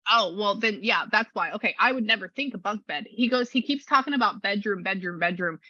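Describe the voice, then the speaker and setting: A woman's voice: mid-range voice, brisk, pushed and bright, no room sound, dull audio. A woman working as a spiritual medium, chatting casually with a client and relaying a spirit's words in quotes. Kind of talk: casual reading session with a client.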